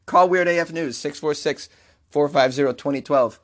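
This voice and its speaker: Joking man, slightly high voice. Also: normal speed, heavy background noise. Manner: rambling, jokey, self-mocking. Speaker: podcast host. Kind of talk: comedic news chat.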